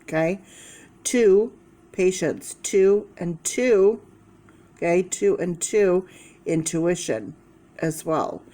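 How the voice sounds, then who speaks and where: A woman's voice: on the low side, animated, slow pace, long pauses, warm tone. A woman doing a casual tarot reading to camera, thinking aloud and repeating key words as she explains the cards. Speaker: tarot reader.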